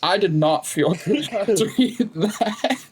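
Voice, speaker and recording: A man from Ohio co-hosting a casual podcast, talking in relaxed slang with halting restarts. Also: high voice, a little hiss or hum. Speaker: podcast co-host. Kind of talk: casual chat.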